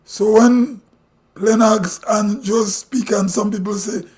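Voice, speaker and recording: A man's voice: high-pitched, steady tone, takes it slowly, a little mellow. A Grenadian man hosting a live stream, giving blunt, ranting commentary full of rhetorical questions. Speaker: livestream host. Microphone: streaming mic.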